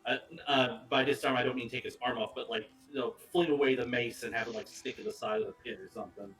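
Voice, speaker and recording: A man playing a tabletop game who describes his character's moves in a halting way, full of fillers and restarts. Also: medium pitch, steady tone, fairly bright tone, recorded from a distance, faint music behind, low-quality recording. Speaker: player.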